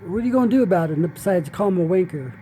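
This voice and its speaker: A man's voice: sits high, expressive, rapid-fire, warm tone, a little hiss or hum, poor audio. A man hosting a reaction video, giving brash, profane, trash-talking commentary.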